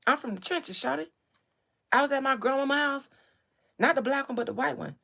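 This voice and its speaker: A woman putting on the voice of a swaggering young man who taunts loudly and keeps calling people shawty. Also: high-pitched, brisk, gravelly, voice pushed up, full character voice. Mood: bragging. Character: brash young Atlanta man, taunting and boastful.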